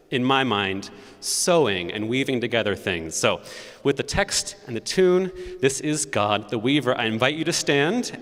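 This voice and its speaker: With a mid-range, fairly bright voice, the church organist gives a spoken concert introduction, narrating how a new hymn came about. He's chatty and sings note syllables to illustrate, and the large sanctuary leaves a long reverb trail.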